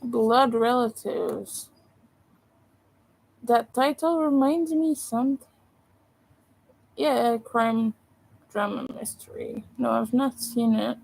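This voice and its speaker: A woman's voice: on the high side, slow, gravelly, pauses often, darkish tone, low-quality recording. A sleepy woman on a casual livestream from home, rambling and apologizing as she thinks aloud. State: sleepy, yawning.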